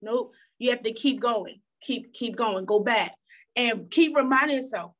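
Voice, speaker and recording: A woman's voice: on the high side, measured pace, fairly bright tone. A young woman giving an earnest motivational talk with a preachy tone, repeating phrases for emphasis. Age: young adult. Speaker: guest speaker.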